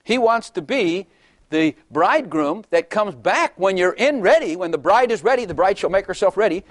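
Older male pastor, folksy and jokey, slightly high voice, dry close sound. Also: lively intonation, moderate pace, fairly bright tone, dry recording. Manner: chatty, jokey, laughs often, acts out voices. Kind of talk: humorous sermon.

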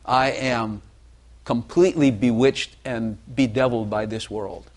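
An older man giving a personal testimony in an earnest, self-deprecating, halting way. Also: mid-range voice, fairly even intonation. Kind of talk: confessional testimony talk.

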